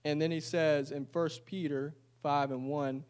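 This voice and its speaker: A man's voice: a little high, fairly even intonation, unhurried, hardly any pauses, a little mellow, clear, resonant tone. A man preaching a sermon in a church. He reads scripture aloud and then explains it in casual, everyday talk. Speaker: pastor.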